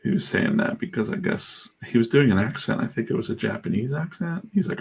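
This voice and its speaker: A middle-aged man, a comic artist, chats on a livestream while he works, rambling irreverently and swearing freely. His mid-range voice is animated and fairly quick, creaky with a breathy edge, and he rarely pauses.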